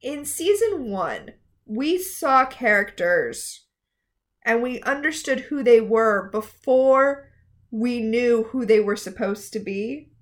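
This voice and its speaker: A woman's voice: on the high side, slow. A woman co-hosting a podcast, recapping a TV episode in casual, sarcastic chat. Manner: sarcastic, animated retelling. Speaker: podcast co-host.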